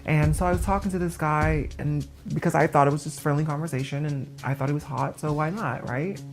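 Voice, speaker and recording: A woman's voice: low voice, a little fast. A woman telling personal stories in a chatty way during a documentary-style interview. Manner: chatty storytelling, many "like" fillers. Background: background music.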